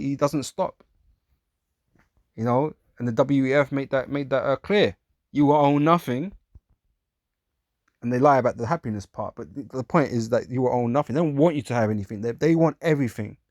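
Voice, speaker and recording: A man's voice: medium pitch, darkish tone, no echo, studio quality. A man, teaching scripture in a casual, profane, repetitive way. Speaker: street preacher.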